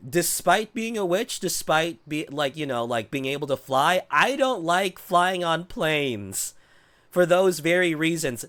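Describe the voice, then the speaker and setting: A man's voice: fairly high pitch, a bit bright. A man in his thirties with a voice worn down by a cold, chatting casually with his viewers as a streamer, rambling, restarting sentences and swearing now and then. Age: 30s.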